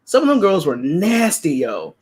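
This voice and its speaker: A woman from Texas chatting casually on a group video call, telling animated sports stories and swearing freely. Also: lowish voice, normal speed. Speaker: writing sprint participant. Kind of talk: casual chat.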